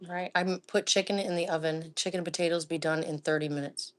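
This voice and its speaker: Chatty lower-voiced woman cooking live. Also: fairly even intonation, quick pace. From Florida. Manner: chatty, laughs often, sometimes drops to a soft half-whisper. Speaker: live-stream cooking host. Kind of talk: casual chat while cooking. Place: home kitchen.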